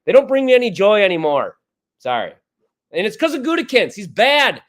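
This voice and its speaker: A man's voice: high voice, sing-song, fast talker. A man co-hosting sports talk radio, ranting in a fired-up, exasperated way. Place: radio studio.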